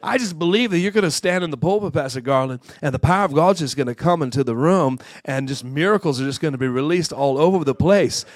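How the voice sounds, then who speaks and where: A man's voice: a little high, fast talker, hardly any pauses, dry recording. A man preaching a sermon at a church conference, repeating and restarting words as he builds to fervent, rising calls. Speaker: guest preacher.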